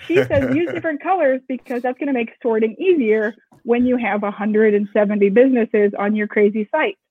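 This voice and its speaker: A woman co-founder of a screen printing shop, talking briskly and casually in an interview, with joking asides. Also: on the high side, slightly rough, no echo. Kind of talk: casual explanatory interview talk. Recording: tinny phone-like audio, dry.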